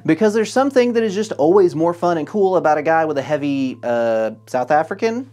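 A man's voice: fairly high pitch, lively intonation, fairly quick, a little mellow. A man narrating a comedic movie recap, with sarcastic, profane asides.

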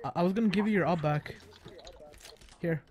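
A man commentating his own online shooter match, excitable and laughing, bantering with teammates as he plays. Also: high voice, fairly quick. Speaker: gaming YouTuber. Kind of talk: casual gameplay commentary.

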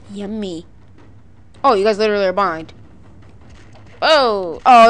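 A woman giving playful, excitable let's-play commentary, letting out cartoonish battle cries and laughs as she fights. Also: fairly high pitch. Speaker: gaming video creator.

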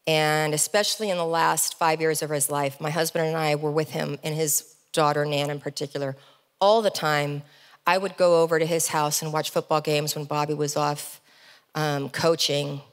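Lively middle-aged woman giving a keynote. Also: sits low, in a large hall. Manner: lively, animated storyteller with comic asides. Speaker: keynote speaker. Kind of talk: motivational storytelling speech. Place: large event hall, on stage.

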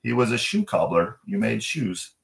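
A man reading a children's story aloud in a gentle manner, pausing to ask his young listeners questions. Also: fairly low pitch, sing-song, creaky. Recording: echoey room.

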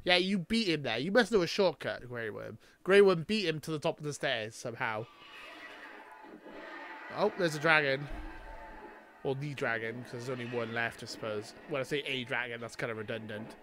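A man doing live reaction commentary, talking back at the screen and swinging between low mutters and excited shouts. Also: normal speed. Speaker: reaction video host.

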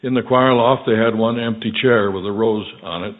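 A man's voice: lowish voice, steady tone. Older male preacher, tinny phone-like audio. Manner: measured storytelling with frequent throat clearing and dropping volume. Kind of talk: sermon storytelling.

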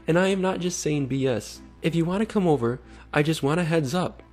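A man's voice: a little high, fairly quick, darkish tone, soft background music, voice pushed up, natural voice. A man voicing a needy, pushy adult male creep in a whiny, pleading, mocking way.

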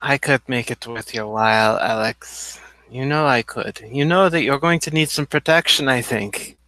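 A man's voice: medium pitch, moderate pace, sharp tone, no room sound, close to an everyday voice. A man voicing a flirtatious Russian nightclub hostess with a put-on Russian accent, teasing and coaxing. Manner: teasing, coaxing, calls everyone darling.

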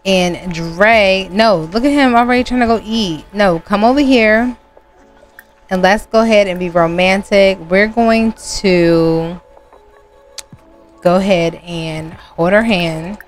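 Woman host, slow casual gameplay narration, faint music behind. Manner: chatty, addresses viewers, sudden high exclamations. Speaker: gaming channel host.

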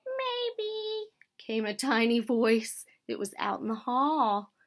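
An American woman teacher reading a picture book aloud to children, gently explaining words as she goes. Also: fairly high pitch, fairly even intonation, unhurried, vocal fry. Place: school.

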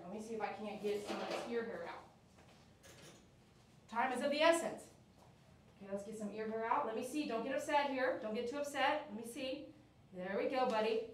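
A woman's voice: on the high side, far from the mic, a little hiss or hum. A woman grooming a dog on a live stream, cooing praise and giving firm commands to the dog. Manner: soothing dog talk mixed with firm commands. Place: grooming salon. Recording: echoey room, mic set back.

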